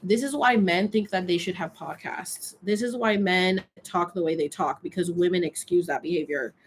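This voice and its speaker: A woman's voice: fairly low pitch, normal speed, husky. A woman on social media telling a story in a casual vlog, rambling with lots of filler words and reading oracle cards aloud. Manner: rambling, filler-heavy retelling.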